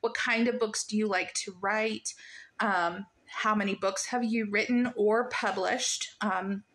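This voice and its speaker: Female podcast host, casual and chatty, mid-pitched, lots of ums. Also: fairly even intonation, measured pace, a bit bright. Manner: chatty, many fillers, laughs easily.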